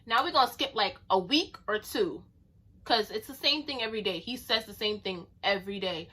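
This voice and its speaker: A young woman telling a story to camera in a chatty, animated way, full of "like". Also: mid-range voice, fairly quick. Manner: chatty and animated, leaning on filler "like". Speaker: storytime vlogger.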